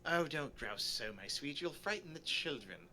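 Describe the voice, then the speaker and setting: A man's voice: fairly high pitch, lively intonation, normal speed, background noise, voice pushed up, close to an everyday voice. A man reading aloud as a chatty, genteel older noblewoman on a tour in a game. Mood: gushing. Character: chatty posh older noblewoman, Lady Cheswick.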